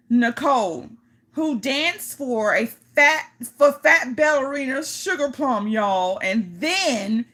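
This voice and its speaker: A woman's voice: high voice, lively intonation, slow, a bit bright. A young woman hosting a casual live chat, reading a silly story aloud and laughing through it. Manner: giggly, keeps breaking into laughter. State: out of breath. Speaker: livestream host.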